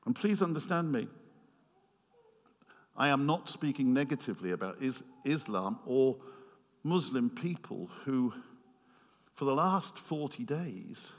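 Slow-preaching man in a reverberant hall. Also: medium pitch. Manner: animated, swings between loud storytelling and quiet earnest asides. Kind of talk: sermon storytelling.

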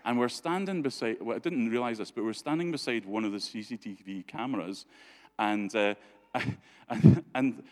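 A man's voice: medium pitch, normal speed, few pauses, a little mellow. A man telling stories in a church talk, chatty, often laughing, with many restarts and fillers. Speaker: church speaker. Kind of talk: anecdotal storytelling talk.

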